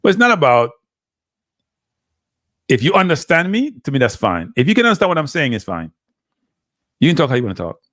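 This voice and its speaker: A man's voice: a little high, very animated, fairly quick, pauses often, fairly bright tone, no room sound, studio quality. A man with a Jamaican accent hosting a live stream, talking casually and switching between standard English and patois. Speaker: live show host.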